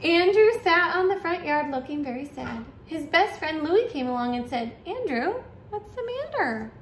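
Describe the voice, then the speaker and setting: A woman, a preschool teacher, reading a picture book aloud to children with animated, exaggerated storytelling. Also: high voice, normal speed. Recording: echoey room with faint hiss.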